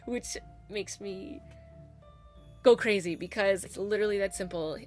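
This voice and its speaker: A woman's voice: medium pitch, a little slow, a little mellow, soft background music. A woman casually reviewing a novel on her channel, gushing and chatty, with lots of "like" and "oh my God". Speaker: book reviewer. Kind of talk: casual spoiler-filled book review.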